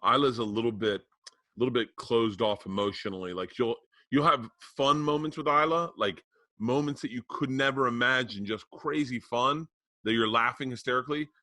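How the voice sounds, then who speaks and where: A man's voice: mid-range voice, moderate pace, pushed and bright, no echo. A middle-aged man co-hosting a podcast, telling a rambling, profane, emotional story in casual chat. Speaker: podcast co-host.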